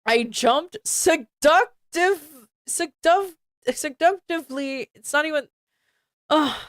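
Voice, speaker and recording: A woman's voice: high-pitched, lively intonation, slow pace, no echo. A woman streamer reading a badly written fan fiction aloud, stumbling over misspellings and breaking off into exasperated asides.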